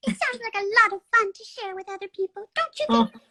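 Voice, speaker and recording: Sweet girly cartoon mouse, coy and giggly, very high and bouncy. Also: very animated, fast talker, crowd noise.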